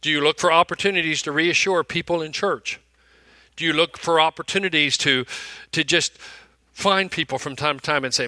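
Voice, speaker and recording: A male pastor preaching a sermon, repeating phrases for emphasis and swinging between loud, emphatic lines and hushed ones. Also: a little high, normal speed, no room sound.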